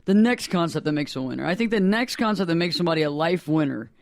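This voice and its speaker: A man's voice: on the high side, expressive, fast, no echo. A man hosting a radio talk show, motivational and playful, speaking into a studio microphone. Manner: playful, motivational, jokey asides.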